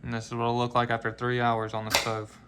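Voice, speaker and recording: Flat-toned young man vlogging. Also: mid-range voice, quick pace, heavy background noise. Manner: plain, explanatory, addresses viewers. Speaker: channel host. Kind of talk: casual cooking vlog. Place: home kitchen.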